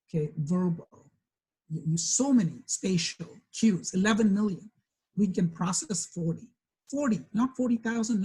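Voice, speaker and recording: A man's voice: high voice, darkish tone, breathy edge, poor audio. A man with a New York accent giving a corporate diversity training, conversational and often checking in with the room.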